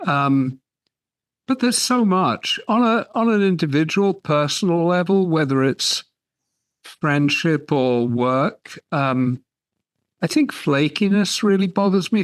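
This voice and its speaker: A man guesting on a casual podcast as an editor and author, wry and unhurried, chuckling as he talks. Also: on the high side, expressive. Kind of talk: casual chat.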